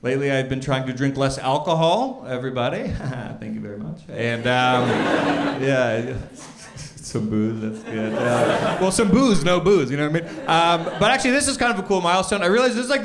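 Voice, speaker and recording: A young man doing a stand-up set on a club stage, with a dry, self-deprecating delivery and frequent "uh" fillers. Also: fairly high pitch. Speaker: stand-up comedian. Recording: live club recording with audience noise. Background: audience laughter.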